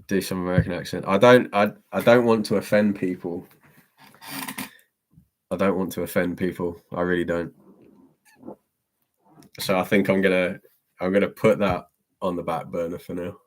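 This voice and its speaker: Deep-voiced man chatting on a live stream. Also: little pitch movement, normal speed, pauses often. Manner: chatty and self-deprecating, laughs often. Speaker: live stream host answering chat. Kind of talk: casual live-stream chat.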